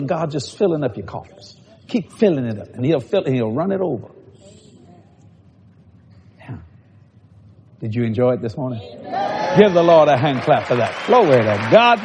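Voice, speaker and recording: Man preaching with a slightly high, very animated voice; folksy and quick to laugh. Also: slight background noise. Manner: laughs often between phrases. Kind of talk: sermon.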